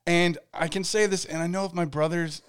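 Thirties guy telling stories on a podcast, slightly high, real smooth clean voice. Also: fairly even intonation, a little fast, a bit bright, no echo, clean studio sound. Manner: storyteller who acts out quoted lines. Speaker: podcast co-host. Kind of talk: casual chat.

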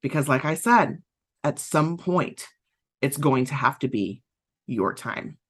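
A woman's voice: a bass voice, lively intonation, takes it slowly, slightly rough. A woman with a Southern US accent hosting a podcast, giving a casual motivational talk full of fillers and restarts. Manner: chatty, repeats herself, frequent fillers. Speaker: podcast host.

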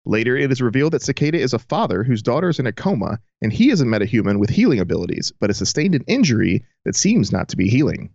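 A man's voice: medium pitch, very animated, quick pace, gravelly, few pauses, darkish tone, no echo. A man co-hosting a fan podcast, summarizing an episode and chatting in an easygoing way. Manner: laughs readily, easygoing. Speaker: podcast co-host. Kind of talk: casual fan discussion. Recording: dull lo-fi sound.

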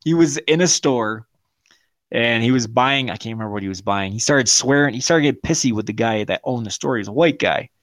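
A man telling a rough personal story as a podcast host, swearing freely and laughing often. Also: medium pitch, brisk. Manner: profane, laughing, animated storyteller. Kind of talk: casual storytelling.

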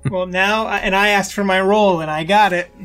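A man's voice: sits high, steady tone, brisk, fairly bright tone. A man co-hosting a podcast, chatting eagerly and joking in casual banter. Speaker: podcast co-host.

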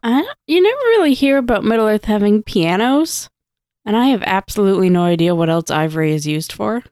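A woman's voice: mid-range voice, animated, brisk, darkish tone, no room sound, studio quality. A woman hosting a casual chat and leading the segments in a chatty way. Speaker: podcast host.

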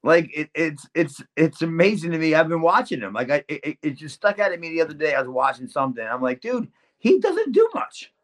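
A man co-hosting a podcast in loose, rambling chat. His voice sits a little high for a man. He fills his talk with casual slang. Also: quick pace, hardly any pauses, a bit bright. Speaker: podcast co-host.

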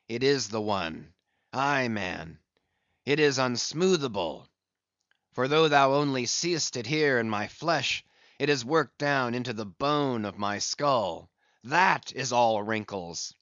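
A man's voice: medium pitch, lively intonation, slow, fairly bright tone, no room sound, highs cut off. A man reading an audiobook, voicing an obsessed, brooding old sea captain who speaks in passionate, commanding old-fashioned speech. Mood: intense.

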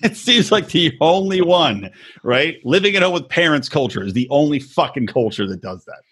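A man's voice: a little high, moderate pace, slightly rough. A man co-hosting a casual podcast about reality TV, ranting in a crude, mocking way. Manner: crude, animated, mocking rants. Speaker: podcast co-host.

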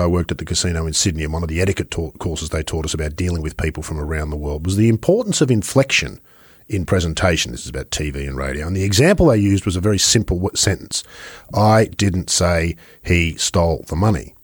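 A man's voice: low-pitched, fast talker, husky, no echo, studio quality. A man hosting an interview, chatty and asking long, winding questions. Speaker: host. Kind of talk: podcast interview.

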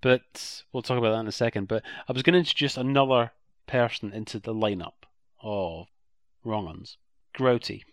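A man's voice: on the low side, normal speed, a bit bright, dry recording, studio quality. A man co-hosting a podcast in a chatty, agreeable way, leaning hard on the words he stresses. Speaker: podcast co-host. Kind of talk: casual podcast discussion.

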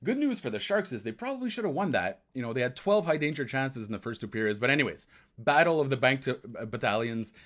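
A man's voice: mid-range voice, very animated, fast, a bit bright. Rambling bilingual male hockey show host. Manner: rambling, switches between English and French. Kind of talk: casual hockey podcast livestream chat.

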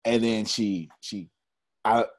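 A man's voice: fairly low pitch, slow pace. A man giving a motivational talk, telling a story with laughs and speaking straight to his audience. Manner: animated, laughing storyteller addressing the crowd.

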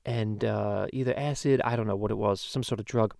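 A man's voice: fairly low pitch, fairly even intonation, brisk, gravelly, darkish tone, no room sound, studio quality. A man voicing a crude, rambling middle-aged cartoon dad in a casual podcast chat, talking loosely and swearing often. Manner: rambling, profane, loose storytelling.

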